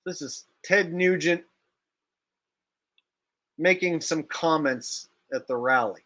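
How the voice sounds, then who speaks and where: Sarcastic rambling young man, bright voice. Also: a little high, slow pace. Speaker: vlogger and channel host. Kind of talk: casual political commentary vlog.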